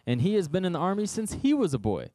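A man putting on a scoffing King Saul who is fed up with a boy's boast. The voice jumps high and strained as he counts off every reason it can't be done. It is delivered with mocking exasperation in a church talk. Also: wildly swooping pitch, fast talker, warm tone, no room sound, studio quality.

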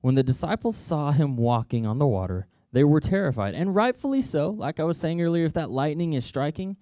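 Playful man with a very lively voice. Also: a little high, fairly quick, creaky, few pauses, no echo, clean studio sound. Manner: playful, joking, makes sound effects. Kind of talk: animated Bible story for kids.

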